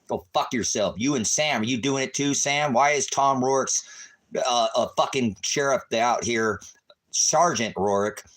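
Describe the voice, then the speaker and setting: A man ranting at his viewers on a livestream, cursing and taunting them, swinging between shouting and low muttering. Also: measured pace. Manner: angry, cursing, taunting, repeating insults. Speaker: ministry livestreamer. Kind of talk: profane livestream rant at viewers.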